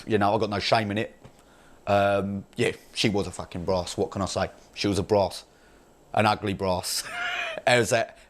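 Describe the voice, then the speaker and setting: A man's voice: on the low side, fairly even intonation, moderate pace, a little hiss or hum, lightly acted. A man playing a brash, crude chav with an Essex accent, rambling and swearing in laddish banter as a comedy character monologue.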